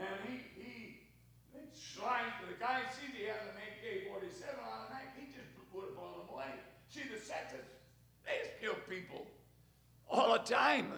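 An older man preaching a storytelling sermon, fervent, swinging between loud exclamations and hushed asides. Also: extremely high pitch, creaky, slightly rough.

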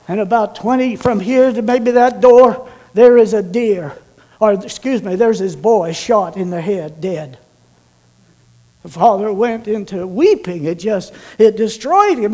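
High-voiced dramatic preacher man. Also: expressive, measured pace. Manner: dramatic, swings from loud to hushed. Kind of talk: sermon storytelling.

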